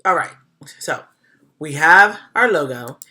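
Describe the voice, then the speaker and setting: In an animated but slow, medium-pitched voice, this design instructor talks casually through a software tutorial, musing aloud and correcting themself as they proceed.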